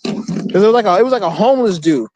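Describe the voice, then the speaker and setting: A man's voice: high-pitched, animated, fast, darkish tone, no echo, poor audio. A man vlogging in casual chat, rambling and swearing a lot and often restarting his sentences.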